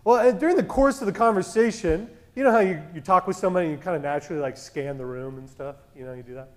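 A man in his thirties casually telling a story as a podcast co-host, animated and acting out the dialogue in a loud voice that carries. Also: high voice, fast talker. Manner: animated, acts out quoted dialogue.

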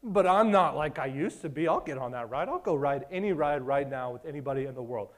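A man in his late twenties preaching a sermon, telling stories in an animated way and acting out his own past thoughts. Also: fairly high pitch, brisk. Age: 20s.

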